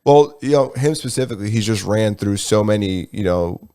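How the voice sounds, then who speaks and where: A man's voice: fairly low pitch, expressive, fairly quick, warm tone, no echo. A man co-hosting a podcast, dropping dry jokes in casual chat. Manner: dry, joking one-liners. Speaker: podcast co-host.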